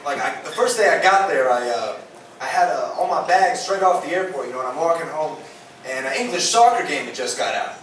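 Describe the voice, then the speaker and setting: A man's voice: a little high, expressive, fairly quick, slight background noise. A young adult man doing a stand-up set, rambling and profane with lots of "uh" and "man". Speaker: stand-up comedian. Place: comedy club stage. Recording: roomy club, distant mic, loud crowd. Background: audience laughter.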